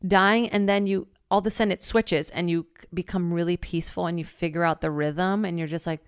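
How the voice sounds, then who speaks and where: A woman's voice: lowish voice, no echo, clean studio sound. A young woman telling stories in casual chat, rambling with lots of "like" and laughing often.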